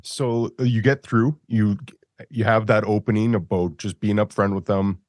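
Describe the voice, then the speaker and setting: A man's voice: fairly low pitch, steady tone, moderate pace, a little mellow, no room sound. A man interviewing a guest, asking questions in a hesitant way as he searches for words.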